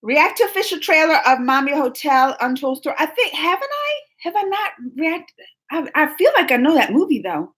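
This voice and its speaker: A woman in her forties hosts a live stream, teasing viewers and chatting casually as she reads their messages, addressing them directly with animation. Her voice sits high and she talks a little fast.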